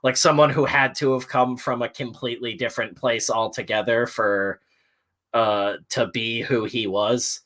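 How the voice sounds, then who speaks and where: A man's voice: medium pitch, fairly even intonation, moderate pace, fairly bright tone. A man hosting a casual morning stream chat, talking loosely and rambling, with lots of "uh" and the odd curse word. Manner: rambling and loose, with frequent "uh" and swearing. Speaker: stream host.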